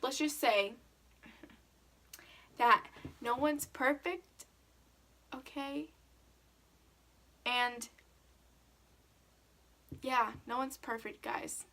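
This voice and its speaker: Bright chatty teenage girl. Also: sits high, extremely slow, long pauses. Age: teens. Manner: chatty storytelling, lots of "like". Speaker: vlogger. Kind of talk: casual Q&A vlog.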